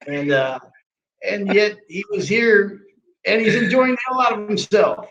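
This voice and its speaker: A man's voice: high voice, measured pace, a bit bright, poor audio. A man, a flooring trainer, chatting casually and rambling a bit with restarts. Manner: rambling, many restarts and fillers. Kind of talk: casual chat.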